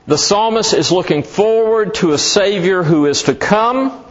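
A man preaching a sermon as pastor, slow and emphatic, lifting his voice on key words. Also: high voice, highs cut off.

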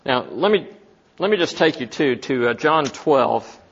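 Slow, deliberate male preacher. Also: mid-range voice, animated, slightly rough, muffled recording. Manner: slow, deliberate, asks the listeners questions. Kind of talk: Bible teaching sermon.

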